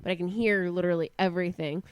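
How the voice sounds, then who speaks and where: A woman co-hosting a podcast in casual chat, sounding stuffy and nasal from a cold, chatty and quick to laugh. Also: on the low side, fairly even intonation, clear, resonant tone. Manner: chatty, laughs easily, many restarts. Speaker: podcast co-host.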